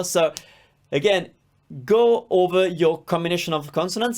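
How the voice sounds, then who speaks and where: A man with a fairly high voice and an Italian accent teaches a pronunciation lesson. He is a native Italian speaker who drills each syllable slowly and repeats his examples. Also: darkish tone. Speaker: language teacher.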